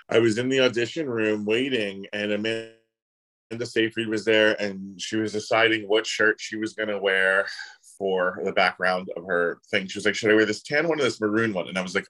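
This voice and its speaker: An actor guest with a fairly low-pitched voice tells anecdotes at normal speed in casual chat, animatedly acting out the people he quotes. The audio quality is poor.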